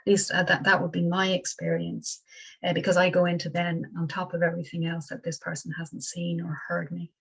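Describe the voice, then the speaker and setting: A middle-aged woman teaches a dharma talk in a gentle, reflective way. Her voice sits low with a gravelly fry, and she often pauses, hesitates and restarts her sentences. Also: completely flat delivery, rough recording. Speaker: Buddhist teacher.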